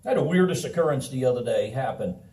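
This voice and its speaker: A man preaching a sermon in a conversational, animated way, telling a personal story and laughing often. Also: mid-range voice, fast. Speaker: pastor. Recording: roomy sound from a distant mic.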